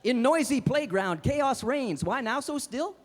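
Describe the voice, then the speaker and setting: A man's voice: extremely high pitch, animated, measured pace, a little hiss or hum. A man playing a hip male beatnik poet in a fez, delivering jive hipster patter and theatrical verse in a live stand-up character act. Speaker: stage comedian. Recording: live stage with reverb, music and audience.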